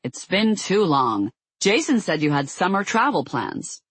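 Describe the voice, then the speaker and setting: A narrator voicing a booming, genial middle-aged businessman with a hearty, smooth manner, in an audiobook. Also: sing-song, measured pace, fairly bright tone, no echo, exaggerated voice.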